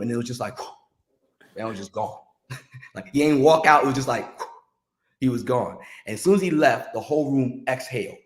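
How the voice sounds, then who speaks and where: A middle-aged man from the music industry, with a medium-pitched voice and roomy sound, tells stories in a casual chat as a guest. He's an animated storyteller who acts out the voices of the people he quotes.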